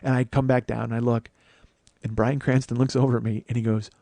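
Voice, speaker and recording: A man's voice: medium pitch, flat delivery, brisk, vocal fry, mellow, no echo. A man hosting his own podcast, telling a long comic story in a rambling, profane, self-mocking way. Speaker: comedian podcast host. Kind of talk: solo storytelling monologue.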